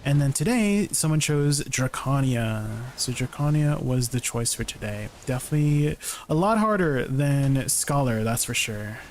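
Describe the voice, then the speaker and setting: A man's voice: mid-range voice, expressive, unhurried, slight background noise. A man streaming a game, chatting casually and answering questions from chat. He often ends his sentences with "right?". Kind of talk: casual livestream chat while gaming.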